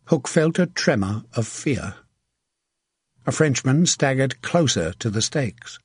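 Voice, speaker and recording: A man narrating a historical novel in a steady, measured audiobook reading. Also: medium pitch, breathy edge, dry recording, studio quality. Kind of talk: scripted narration.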